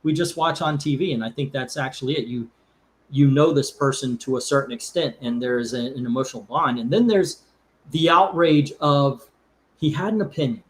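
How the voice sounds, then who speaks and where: A man's voice: mid-range voice, normal speed. A man co-hosting a casual live stream, emotional and rambling, sometimes flaring into anger. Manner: emotional, rambling, rising to angry outbursts. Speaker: co-host of a comics channel.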